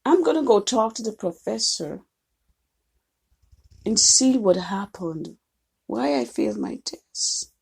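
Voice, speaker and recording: A woman's voice: medium pitch, big pitch swings, slow pace, long pauses, darkish tone, slightly rough, exaggerated voice. A woman playing a resolute, practical student. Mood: determined. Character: determined college student planning to study.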